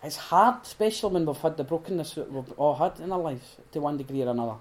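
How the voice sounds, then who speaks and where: A middle-aged man giving an earnest, heartfelt talk at a recovery retreat. He swings between loud emphasis and hushed, prayerful quiet. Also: fairly high pitch, fast talker. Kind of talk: informal sermon talk.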